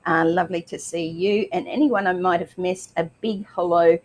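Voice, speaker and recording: A woman's voice: lowish voice, steady tone, normal speed, a little mellow, slight background noise, poor audio. A middle-aged Australian woman hosting a live online show, greeting viewers by name in a chatty way with lots of fillers and a slight tickle in her throat. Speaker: livestream host. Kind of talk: upbeat live show welcome.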